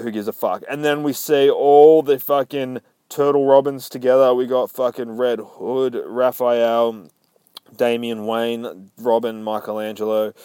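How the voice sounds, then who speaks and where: A man's voice: mid-range voice, warm tone, smooth, dry recording. A young man casually recapping a comic book issue in a rambling, heavily profane way.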